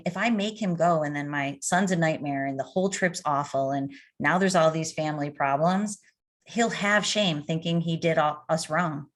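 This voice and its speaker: A middle-aged woman with a slightly low voice answers questions as a coach. She talks in an animated, storytelling way and uses everyday anecdotes. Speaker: addiction coach. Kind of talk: conversational interview answers.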